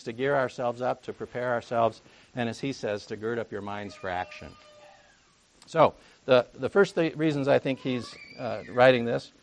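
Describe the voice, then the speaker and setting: Guy giving a sermon, talks loose and jokey, keeps asking the crowd questions, medium pitch. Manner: chatty, jokey asides and rhetorical questions. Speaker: preacher. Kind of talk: conversational sermon.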